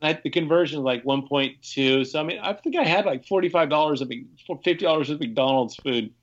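A US ultrarunner speaks fairly quickly in a fairly high voice, recounting stories as a podcast guest. The conversation is casual and rambling with frequent restarts, and the audio sounds dull.

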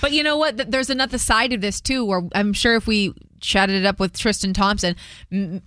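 A woman's voice: medium pitch, brisk, a bit bright, smooth, dry recording, clean studio sound. A woman hosting a morning radio show, bubbly and playful, rambling through chat. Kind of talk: prank phone call and casual radio chat.

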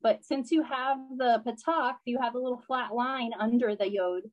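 A woman with a fairly high voice teaches a live online class. She explains patiently, using plenty of fillers and checking in often with her students. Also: moderate pace, poor audio. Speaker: language teacher.

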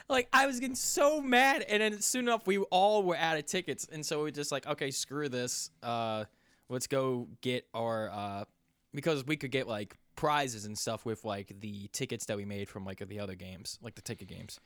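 A young man telling a story in casual chat, rambling and profane, his voice climbing loud and high when he gets worked up. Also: animated, moderate pace, smooth, no room sound, clean studio sound. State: sore.

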